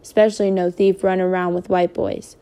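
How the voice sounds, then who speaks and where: A woman's voice: lowish voice, flat delivery, fairly quick, mellow, close to an everyday voice. A woman reading aloud, voicing a stern, disapproving farmer.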